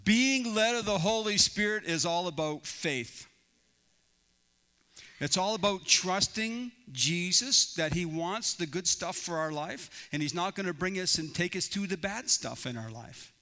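A man preaching an earnest sermon, telling a story and often restarting his phrases. His voice is bright and forceful and sits a little high. It rings out in a large hall with a long reverb. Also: expressive, measured pace. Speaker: pastor.

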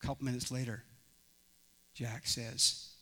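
A man's voice: medium pitch, flat delivery, measured pace, bright, forceful tone, slightly rough. A male pastor preaching a sermon in an earnest storytelling manner, often restarting his phrases. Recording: long reverb in a large hall.

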